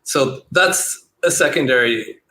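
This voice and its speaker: Bright-voiced man in a roomy space. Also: mid-range voice, a little slow. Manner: relaxed, rambling with frequent "like" fillers. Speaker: guest, SEO entrepreneur. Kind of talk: casual interview chat. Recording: roomy echo with faint noise.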